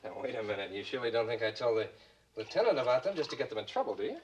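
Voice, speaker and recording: A man's voice: mid-range voice, sing-song, racing, slight background noise, natural voice, low-quality recording. A young actor playing an eager, ingratiating rich student who fusses over his guests in a 1950s film. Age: young adult. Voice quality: eager, talkative, fussing host. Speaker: law student.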